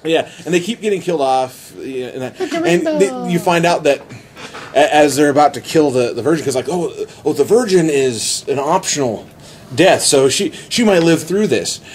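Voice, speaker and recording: Rambling, excitable man retelling a film. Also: on the high side, normal speed. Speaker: podcast host. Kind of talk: casual chat.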